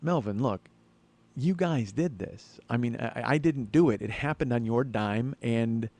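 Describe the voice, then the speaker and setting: A man's voice: mid-range voice, unhurried, darkish tone, no echo. Swearing man telling a comic rant. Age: 40s. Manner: exasperated, swearing rants in his own voice. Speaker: comedy podcast host. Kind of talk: profane comic storytelling monologue.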